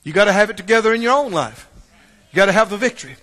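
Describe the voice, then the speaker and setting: High-voiced, bright preacher man. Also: expressive, rapid-fire, long reverb tail. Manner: rises to shouting exhortation, then drops low and quiet; call-and-response asides like "Right?" and "Huh?". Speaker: pastor. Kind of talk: sermon.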